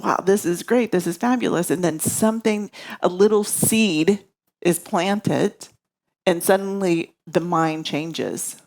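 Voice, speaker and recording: A woman yoga teacher giving a reflective spiritual study lesson, often searching for words. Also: on the low side.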